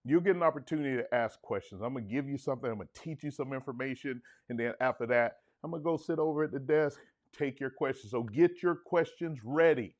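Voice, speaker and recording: A man hosting a relationship podcast livestream, talking casually with energy, hyping up the chat and drifting into conversational asides. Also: fairly high pitch. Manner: hyped, energetic, call-and-response with the audience.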